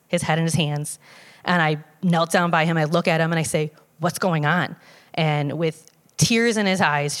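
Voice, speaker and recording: Woman, lowish voice, conversational personal testimony, halting with fillers; long hall reverb on the recording. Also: a bit bright, smooth. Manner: conversational with many fillers and restarts. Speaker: storyteller sharing a personal testimony. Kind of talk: casual spoken personal story.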